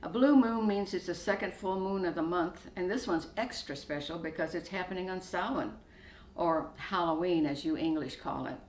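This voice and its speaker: Courteous young Irishman, old-fashioned manners, read by a woman, lowish voice, echoey room. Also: normal speed, darkish tone, slight background noise, lightly acted. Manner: polite, courteous, calls her miss.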